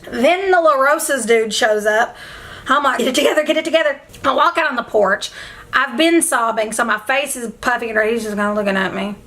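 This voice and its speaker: A woman's voice: fairly high pitch, moderate pace, bright, forceful tone. A young woman chatting casually at home while doing her makeup, emotional and effusive, rambling from one thought to the next. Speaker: beauty vlogger. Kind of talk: casual get-ready-with-me chat. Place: at home, indoors.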